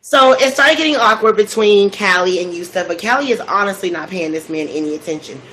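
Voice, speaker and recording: A woman's voice: mid-range voice, brisk, slight background noise, low-quality recording. A woman hosting a cooking vlog, chatting as she recaps a story and acts out the quotes. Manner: chatty, with animated quoted voices.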